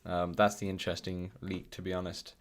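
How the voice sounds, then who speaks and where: A man's voice: sits low, little pitch movement, fairly quick. A man hosting a casual VR podcast livestream, rambling with frequent ums and restarts. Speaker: podcast host.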